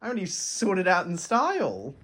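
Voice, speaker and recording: A man's voice: high voice, huge pitch swings, moderate pace, fairly bright tone, slight background noise. A young man in a casual video diary, gushing over a gift and swearing freely, stumbling as he reads a letter aloud at home. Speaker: vlogger.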